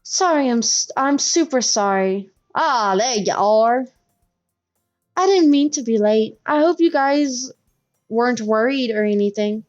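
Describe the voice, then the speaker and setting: A woman voicing a calm, polite teenage club president who speaks gently and apologetically. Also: fairly high pitch, measured pace, muffled recording, faint music behind. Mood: gentle.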